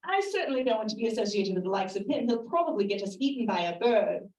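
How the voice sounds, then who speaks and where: A woman's voice: medium pitch, expressive, quick pace, a little mellow, distant mic, natural voice. A woman putting on a snooty, gossiping male moth with a mock English accent that drifts toward Australian, in an echoey room. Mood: sneering.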